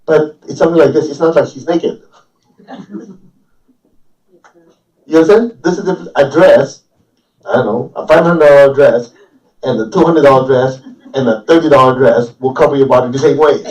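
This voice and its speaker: A man's voice: medium pitch, normal speed, long pauses, darkish tone. A man giving an informal, joking spiritual talk to a group, often checking in with the audience with questions. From Chinese family. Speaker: spiritual teacher. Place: room with a live audience. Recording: distant, roomy, dull live recording.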